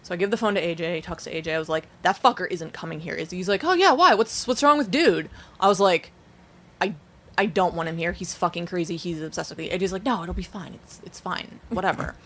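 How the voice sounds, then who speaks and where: A woman's voice: on the low side, a little fast, a little hiss or hum. Blunt, foul-mouthed young woman storyteller. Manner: profane, blunt, animated storyteller. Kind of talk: casual storytelling chat.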